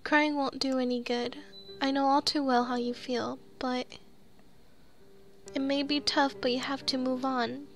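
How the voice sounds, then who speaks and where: A woman's voice: high voice, little pitch movement, a little slow, soft background music. A woman voicing a protective young man in a horror game, reading his firm, reassuring lines in her own voice. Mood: consoling. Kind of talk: reading game dialogue aloud.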